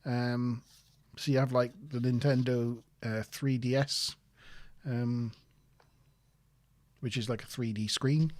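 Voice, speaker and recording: A man's voice: mid-range voice, steady tone, slow pace, long pauses, a little mellow, no room sound. A man from southwest England with a West Country accent, co-hosting a casual show in a rambling, hesitant, self-deprecating way. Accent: West Country English. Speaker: co-host. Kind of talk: casual podcast chat.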